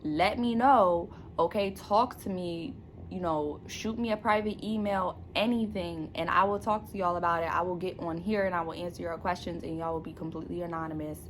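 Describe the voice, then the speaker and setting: A woman's voice: on the low side, fairly even intonation, normal speed, slight background noise. A young woman talking straight to camera about her new book, bubbly and laughing as she goes. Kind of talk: casual excited vlog to camera. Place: alone indoors at home. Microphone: camera mic.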